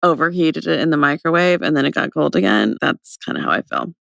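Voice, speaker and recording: A young woman co-hosting a podcast, her voice gravelly with vocal fry after a cold. She talks in a bubbly, chatty way, and her pitch swings up and down a lot. The sound is close and dry. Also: very animated, fairly quick, a bit bright, no echo. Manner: bubbly, chatty, laughing often. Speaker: podcast co-host. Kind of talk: casual chat.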